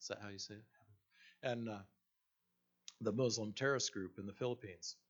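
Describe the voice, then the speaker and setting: A male pastor delivering a sermon and telling a story slowly, with fillers and restarts. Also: fairly low pitch, fairly even intonation. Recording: dull lo-fi recording.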